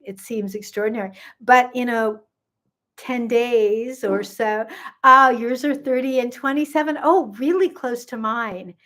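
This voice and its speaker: A slightly high, fairly bright voice comes through, unhurried and easy. It belongs to a gut health coach in her late sixties, almost seventy, chatting with her phone livestream viewers, welcoming them by name and going off on rambling asides.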